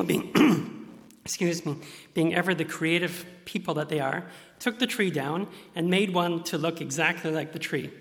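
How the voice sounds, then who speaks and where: A man's voice: on the high side, big-room sound. A man delivering a sermon as a pastor, earnest, sometimes acting out quoted voices.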